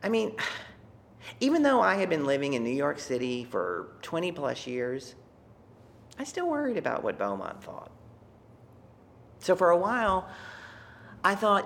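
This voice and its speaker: A man's voice: on the high side, huge pitch swings, unhurried, vocal fry, long pauses, fairly bright tone, slight background noise. A man in his fifties from Texas telling a personal story in a reflective, conversational way with wry asides.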